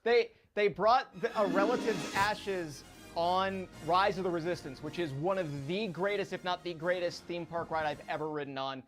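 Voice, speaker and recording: Chatty man with a higher voice. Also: normal speed, hardly any pauses, over music. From South Florida. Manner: chatty, animated storyteller. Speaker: sports betting analyst guest. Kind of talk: casual chat.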